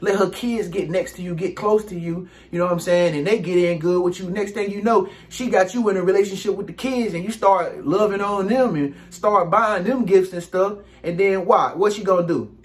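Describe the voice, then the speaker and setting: A man, giving casual relationship advice in an animated, preachy monologue. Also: sits high. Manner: animated, preachy, acts out quick impressions.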